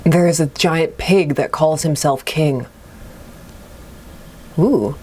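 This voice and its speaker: A woman's voice: low voice, slow pace, slightly rough, pitched below the performer's own voice, exaggerated voice. A woman reading as a grinning, placating village man. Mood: calm, placating. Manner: soft, placating, unnervingly cheery. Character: smiling, overly calm village man.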